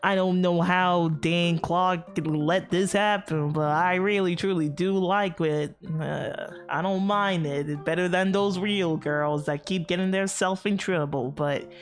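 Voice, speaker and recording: A woman's voice: on the low side, steady tone, unhurried, few pauses. A woman streamer chatting casually on a livestream, rambling and joking crudely into her microphone.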